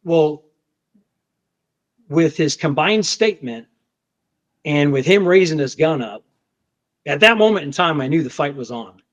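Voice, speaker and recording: A man, a federal agent, recounting a confrontation in casual conversation, repeating words and acting out what was shouted. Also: on the high side, unhurried, pauses often. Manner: animated, restarts often, acts out shouted quotes. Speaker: federal agent telling a story. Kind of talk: conversational storytelling. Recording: dull lo-fi podcast audio.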